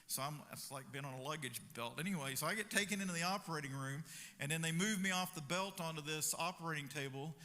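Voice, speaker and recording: A man preaching a sermon and telling a personal story in a conversational way, with fillers and quick asides. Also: fairly high pitch, pushed and bright. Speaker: pastor. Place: church sanctuary. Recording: reverberant church hall.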